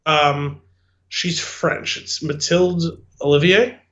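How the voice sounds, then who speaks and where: A man's voice: a little high, fairly even intonation, takes it slowly, fairly bright tone, muffled recording. A man co-hosting a podcast in casual movie chat, acting out his own reactions. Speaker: podcast co-host.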